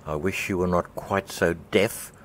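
A man's voice: low voice, steady tone, a little slow, slight background noise. A man voicing a pompous, sly and sentimental old male walrus in a storybook reading. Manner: theatrical, raised storybook voice.

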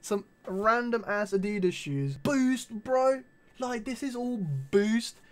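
A man's voice: extremely high pitch, slow. A young man chatting casually in a vlog, full of slang and swearing as he shows off his shoes. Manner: animated slangy banter with frequent swearing. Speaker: vlogger. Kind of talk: casual chat showing his shoe collection.

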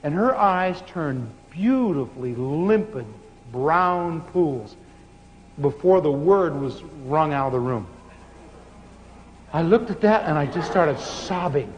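A man preaching, telling stories with animated laughter. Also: a little high, takes it slowly. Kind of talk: sermon storytelling. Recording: muffled hall recording with faint hiss.

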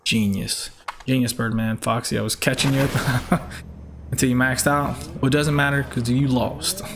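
A man's voice: mid-range voice, steady tone, a little slow, vocal fry, background noise. Chatty streamer man. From Georgia, US. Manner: upbeat, chatty, reads out viewer names. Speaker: game streamer. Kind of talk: live-stream chat while racing.

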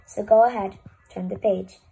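A woman giving an expressive, dramatic reading of a children's book, swinging between pleading and exasperation. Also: mid-range voice, normal speed, vocal fry, soft background music, poor audio. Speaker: storybook reader.

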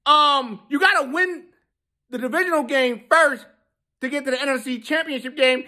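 A woman's voice: high voice, animated, brisk, sharp tone. A woman vlogger taunting a losing sports team in a reaction video, laughing between her jabs.

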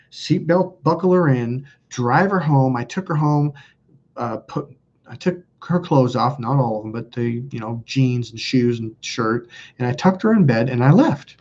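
A man's voice: mid-range voice, a little mellow, highs cut off. A man hosting a live stream, telling stories in a blunt, profane, self-mocking casual chat. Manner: blunt, profane, laughs at himself.

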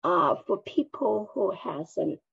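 A woman with an accent asking questions in a workshop, speaking slowly and carefully. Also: mid-range voice, animated, vocal fry, breathy edge, no echo, highs cut off. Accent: non-native English. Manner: slow and careful. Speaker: workshop participant.

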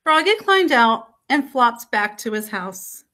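A woman teacher reading a picture book aloud to children, expressive and playful with the sound effects. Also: sits high, measured pace, few pauses. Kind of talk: storybook read-aloud.

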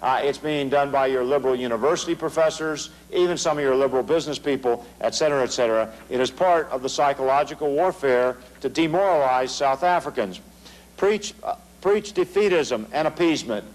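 Talking fast with few pauses, this middle-aged man from the United States has a medium-pitched voice and lectures a large hall audience on politics. His style is sarcastic and forceful, leaning on rhetorical repetition to drive points home. The audio is poor.

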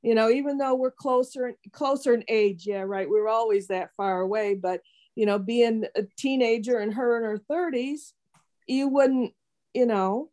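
A woman's voice: a little high, normal speed, warm tone. A woman in her sixties sharing a personal testimony with a Bible study group, rambling and heartfelt with many fillers. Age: 60s.

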